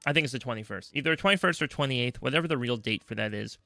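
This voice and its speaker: A man's voice: medium pitch, quick pace, creaky, no room sound, faint music behind. A man co-hosting a podcast, ranting in casual chat and acting out other people's lines as he talks. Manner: animated, acts out other people's voices. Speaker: podcast co-host.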